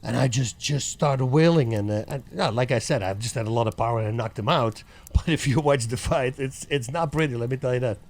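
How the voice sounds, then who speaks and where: A middle-aged man, a guest on an interview, telling stories in a lively casual way, laughing often and acting out what people said. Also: medium pitch, fairly quick. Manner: animated storyteller, laughs often, acts out quotes. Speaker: guest, former fighter.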